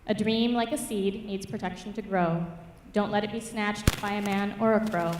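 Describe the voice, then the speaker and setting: Woman, mentor, rhythmic expressive poetry reading, public reading, distant mic, echoey church hall. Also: medium pitch, normal speed, background noise. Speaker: writing mentor. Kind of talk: reading her own rhyming fable aloud.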